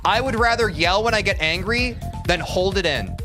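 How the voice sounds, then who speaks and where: A young man streaming live and lecturing his chat. His voice is high and lively, leaping up and down as he rants. Music plays clearly behind him. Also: normal speed. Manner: heated, preachy, addresses chat directly.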